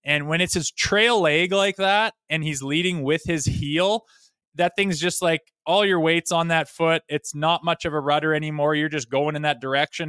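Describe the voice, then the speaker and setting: A man's voice: on the high side, pushed and bright, smooth, no echo, clean studio sound. A man co-hosting a hockey podcast, breaking down hits in a blunt, folksy way. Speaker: co-host, former player. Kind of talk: casual sports talk.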